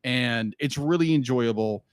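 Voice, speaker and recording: A man's voice: medium pitch, unhurried, clear, resonant tone, dry recording, clean studio sound. A man co-hosting a podcast in casual chat, laughing easily and restarting sentences as he goes. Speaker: podcast co-host.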